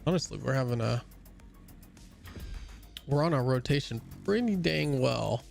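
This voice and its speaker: Gravelly-voiced man rambling while gaming. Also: medium pitch, lively intonation, a little slow, darkish tone, soft background music. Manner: rambling, many fillers and restarts; yawning, a bit tired. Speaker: gaming streamer. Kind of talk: casual chat while playing a game.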